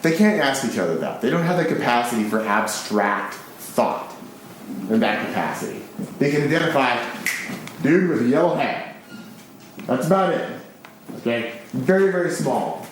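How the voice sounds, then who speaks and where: A man from the United States, giving a live public lecture in an excitable, animated, casually profane way. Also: medium pitch, moderate pace, a little hiss or hum. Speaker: speaker giving a public talk. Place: large concert hall with an audience. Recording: very echoey live hall recording.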